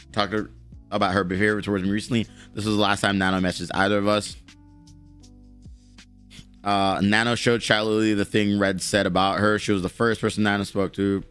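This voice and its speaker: A male streamer with a somewhat low voice rants through casual live commentary, blunt and profane. Faint music sits underneath him. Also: fairly bright tone, clear, resonant tone. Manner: blunt, profane, heated ranting.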